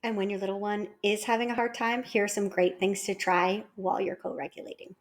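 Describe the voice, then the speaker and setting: A woman working as a parenting consultant, giving an instructional presentation in a calm, explanatory, step-by-step way. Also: mid-range voice, a little fast. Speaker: early childhood parenting consultant.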